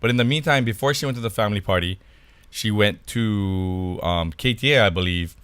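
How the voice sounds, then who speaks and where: A man's voice: on the low side, a little fast, fairly bright tone, smooth, dry recording. A man from Hawaii co-hosting a podcast, telling a funny story in casual chat and laughing along as he goes. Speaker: podcast co-host.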